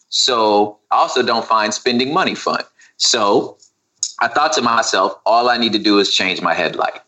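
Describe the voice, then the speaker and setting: Man, podcast guest, casual chat, bright tone, animated storytelling. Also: fairly low pitch, normal speed, poor audio. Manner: animated storyteller acting out his own exasperated asides.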